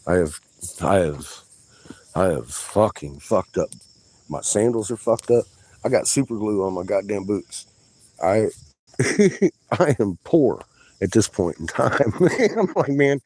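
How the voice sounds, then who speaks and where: Outdoors in a yard, a male vlogger delivers a rambling monologue, swearing often and exclaiming in an agitated way. His lowish voice is husky and a little mellow, and the audio is poor.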